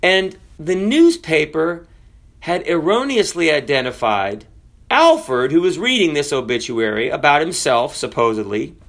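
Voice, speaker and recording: A preacher swinging from hush to loud. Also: male voice, a little high. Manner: dramatic swings from hushed to loud; storytelling with quoted scripture. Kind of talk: sermon.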